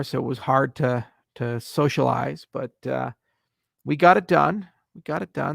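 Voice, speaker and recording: Guy doing a casual live q&a, very gravelly fry, dry close sound, wry deadpan jokes. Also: mid-range voice, no echo. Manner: wry, deadpan joking, reads questions aloud. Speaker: host answering viewer questions. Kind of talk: casual livestream Q&A.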